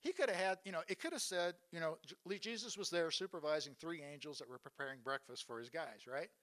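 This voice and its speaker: A man's voice: a little high, moderate pace, a bit bright. Earnest man preaching a sermon. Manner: earnest, asks rhetorical questions. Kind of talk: sermon retelling Bible stories.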